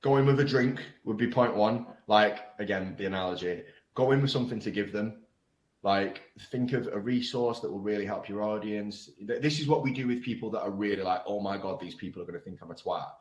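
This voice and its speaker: A man's voice: fairly low pitch, fairly quick. A man speaking as a guest in a casual interview, blunt, frank and sweary. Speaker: guest, online coaching business owner. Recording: roomy echo.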